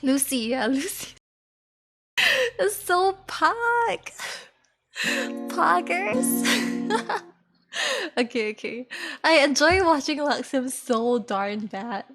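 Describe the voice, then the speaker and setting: Giggly young woman rambling to her stream chat, high voice, faint music behind. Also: animated, extremely slow, long pauses. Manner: giggly, rambling, chatty with viewers. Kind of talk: casual stream chat and karaoke singing.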